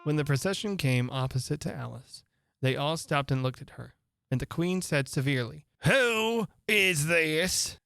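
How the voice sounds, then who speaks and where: A man reading a classic storybook aloud as narrator, in a measured, expressive way. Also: mid-range voice, creaky. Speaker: audiobook narrator.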